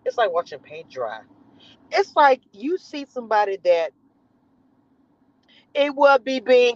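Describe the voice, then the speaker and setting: A woman's voice: on the high side, measured pace, pauses often, slight background noise. A woman with a Southern US accent, chatting sassily and animatedly to her viewers on a livestream from her car. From Southern United States. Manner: animated, sassy, laughing. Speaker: livestream host. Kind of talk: casual livestream chat. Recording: dull lo-fi livestream audio.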